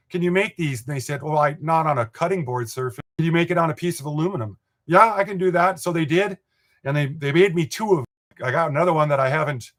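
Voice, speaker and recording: A man's voice: fairly high pitch, fairly bright tone. Folksy older man chatting on a live stream. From Montana, USA. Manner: rambling, chuckling, folksy. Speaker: host of a live model train show. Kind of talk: casual live-stream chat reading viewer comments.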